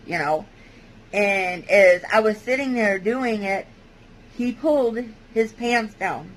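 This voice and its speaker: A woman vlogger giving a halting, hesitant personal testimony, with many fillers and restarts. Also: mid-range voice, slight background noise, low-quality recording.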